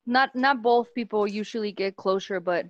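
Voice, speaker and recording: A blunt, profane co-host with a fairly high voice, reacting in casual podcast chat. He is quick to judge and keeps saying bro. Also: a bit bright, highs cut off.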